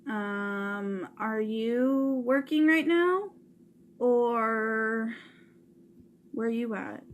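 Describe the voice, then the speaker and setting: A young woman chatting casually at home while doing her makeup, relaxed and full of fillers. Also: a little high, drawn-out words. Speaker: makeup vlogger. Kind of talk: casual chat.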